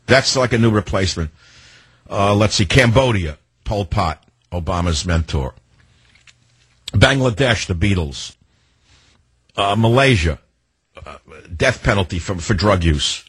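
A man's voice: sits low, lively intonation, a little slow, long pauses, husky, dry recording. An older man hosting a talk show, rambling in a sardonic, free-associating monologue. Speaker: radio talk host. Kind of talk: opinionated talk radio monologue.

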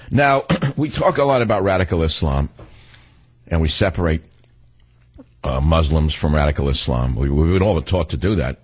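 A man hosting a talk radio show, delivering an indignant, combative monologue with sudden leaps in pitch. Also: husky.

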